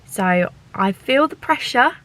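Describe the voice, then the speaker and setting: A young woman chatting casually and excitably to camera in a vlog, with lots of fillers and self-corrections. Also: on the high side, slow, rough recording. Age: young adult. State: sore throat. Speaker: vlogger and small business owner.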